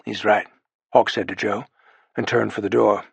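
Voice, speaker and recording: Fields: gravelly male audiobook narrator. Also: on the low side, fairly even intonation, normal speed, no room sound. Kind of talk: scripted narration.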